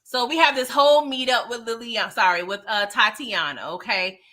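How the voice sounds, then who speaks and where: A woman casually recapping a TV episode on her vlog, animated and playful, often laughing. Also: fairly high pitch, brisk. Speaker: YouTuber recapping a TV show.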